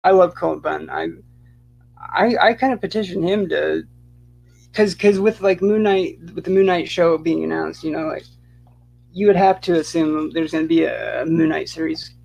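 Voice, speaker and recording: Gravelly rambling man co-hosting. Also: fairly high pitch, normal speed, a little mellow. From Utah. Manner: rambling, many restarts. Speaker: podcast co-host. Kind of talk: casual chat.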